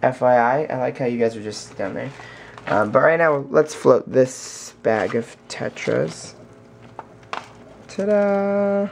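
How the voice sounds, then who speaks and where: A man chats into a handheld camera in a casual vlog, rambling and excitable, cracking jokes as he goes. His voice sits at an ordinary middle pitch. A faint hum of background noise runs underneath. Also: a little slow, creaky. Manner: rambling, excitable and jokey, with laughs. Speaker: vlogger. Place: in a car, then indoors at home by a fish tank.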